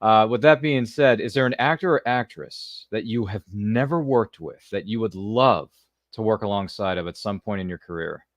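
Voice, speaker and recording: A man's voice: fairly low pitch, moderate pace, no echo, studio quality. A man co-hosting a livestream, asking questions in a jokey, friendly way. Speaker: co-host.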